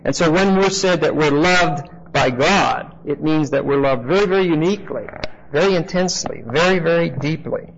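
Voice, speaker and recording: A man's voice: fairly high pitch, creaky, slight background noise. Man teaching scripture on a muffled recording. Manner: explains word meanings slowly, repeats key phrases, asks the class questions. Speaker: preacher teaching a Bible class. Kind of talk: conversational Bible teaching.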